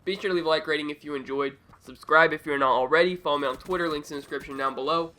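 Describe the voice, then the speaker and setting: A man's voice: on the high side, very fast. A young man casually telling a story from school to his viewers, swearing often and acting out what people said. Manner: animated, profane, acts out quotes.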